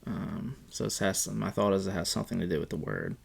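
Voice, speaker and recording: A young man chats easily as a podcast guest. His voice sits low with plenty of gravelly fry, and he talks slowly and unhurriedly. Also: big pitch swings. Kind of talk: casual podcast chat.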